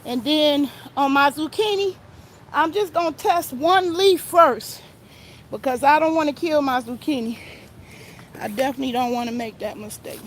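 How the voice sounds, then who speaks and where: A woman's voice: high-pitched, normal speed, a little hiss or hum. A woman, filming herself outdoors in her garden on a phone and chatting casually to her viewers while she sprays her plants, a little out of breath. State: slightly out of breath. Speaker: gardening vlogger.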